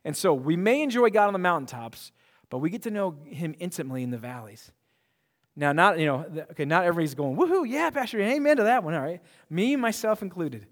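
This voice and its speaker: Pastor guy preaching, kinda high voice, goes quiet in prayer then gets loud and hyped, lots of restarts, big echoey church hall. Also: fast talker. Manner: animated, swings from hushed prayer to loud excited asides; repeats words and restarts often. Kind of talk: sermon. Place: church auditorium.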